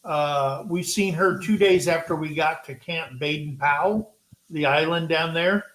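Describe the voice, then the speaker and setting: A man from the United States hosts a relaxed live chat. He talks slowly with a fairly high voice and wanders through long stories. The sound is echoey, as if he were recording in a bare room. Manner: rambling, unhurried storytelling. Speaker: host. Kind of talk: casual live-stream chat.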